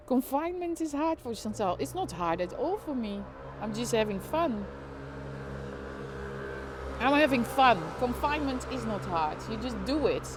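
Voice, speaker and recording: A woman's voice: sits high, noisy background. A middle-aged woman chatting playfully on a live stream from home, recorded on her phone, with giggles and mock sports commentary. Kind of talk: casual live-stream chat. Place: at home in an apartment during lockdown. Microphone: phone held while filming.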